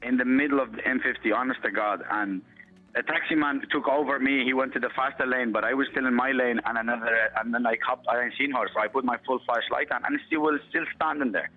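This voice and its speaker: A man's voice: medium pitch, fast talker, soft background music. Caller man on a tinny phone. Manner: earnest, run-on storytelling. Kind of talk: telling a story on a phone call.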